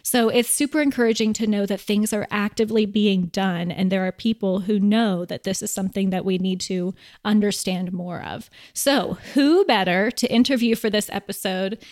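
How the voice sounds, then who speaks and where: A woman's voice: medium pitch, moderate pace, hardly any pauses, darkish tone. Playful woman podcast co-host. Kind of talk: podcast interview.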